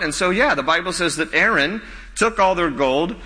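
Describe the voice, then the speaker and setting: Bright-voiced preacher man in a hall. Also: on the high side, normal speed. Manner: animated, joking asides, voices complaining crowds. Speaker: pastor. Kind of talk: sermon.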